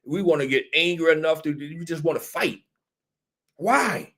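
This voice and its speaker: A man's voice: fairly high pitch, normal speed, sharp tone. A man hosting casual political commentary, talking directly to a live audience and answering viewers. He is emphatic and repeats his points like a sermon. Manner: emphatic and repetitive, preachy. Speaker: talk show host.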